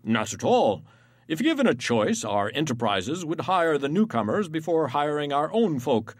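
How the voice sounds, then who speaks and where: Smug formal islander, lively delivery, close dry mic. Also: male voice, a little high, normal speed, slightly rough, dry recording. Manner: calm explaining, formal. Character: smug self-assured male island official. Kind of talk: audio drama acting.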